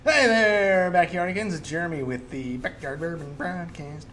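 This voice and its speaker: A man's voice: fairly high pitch, moderate pace, fairly bright tone, faint music behind. A man hosting his own show in a jokey, rambling, casual way, with many fillers. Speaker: podcast host. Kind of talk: casual chat.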